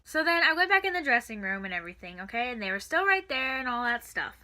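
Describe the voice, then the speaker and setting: Bright, chatty teenage girl vlogger. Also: a little high, big pitch swings, fast. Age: teens. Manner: chatty, filler-heavy with frequent "like" and "and stuff". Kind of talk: casual storytime chat.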